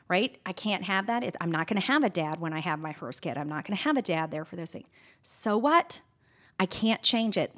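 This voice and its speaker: A middle-aged woman, a guest in an interview, telling a personal story in an earnest, candid way and getting animated when she retells scenes. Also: fairly low pitch.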